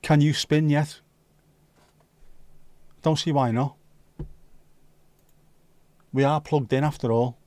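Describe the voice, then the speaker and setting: Sweary jokey Brummie livestream host. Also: male voice, fairly high pitch, steady tone, darkish tone. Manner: banter with sweary jokes and quick asides. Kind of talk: casual chat with viewers. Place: home livestream setup.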